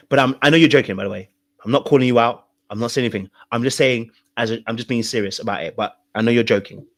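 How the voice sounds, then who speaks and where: A man with a mid-range, fairly bright voice gives relationship advice during a live-stream talk. He's emphatic, says things more than once, and regularly asks his audience "okay? all right?"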